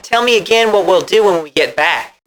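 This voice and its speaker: A woman's voice: medium pitch, a little fast, a little hiss or hum, close to an everyday voice. A woman voicing a tender, playful young wife speaking over a phone in a spoken story. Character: sweet young wife, a soldier's sweetheart.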